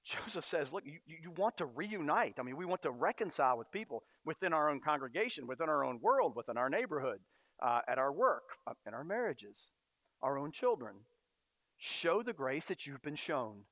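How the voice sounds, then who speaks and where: A man's voice: fairly high pitch, sing-song, moderate pace, no echo. Earnest man preaching a sermon. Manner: earnest, storytelling with fillers. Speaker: pastor. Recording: dry, dull lo-fi sound.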